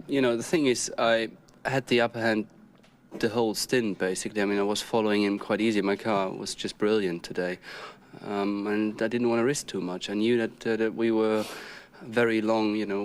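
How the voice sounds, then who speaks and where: A racing driver answering podium questions in halting English. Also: male voice, lowish voice. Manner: halting, many fillers and restarts. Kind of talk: post-race podium interview.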